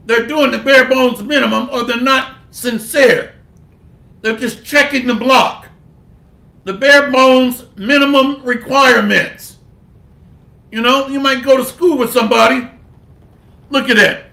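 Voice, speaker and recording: A man's voice: extremely high pitch, fairly even intonation, a little slow, gravelly, bright, forceful tone, roomy sound. A man giving a blunt, street-style sermon, reading scripture aloud and mixing it with slang and profanity. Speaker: bible teacher.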